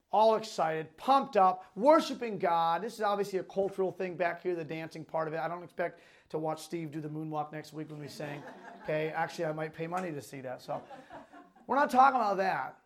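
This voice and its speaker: Male pastor, high voice, reads scripture then riffs on it in a casual, animated preaching style. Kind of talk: sermon.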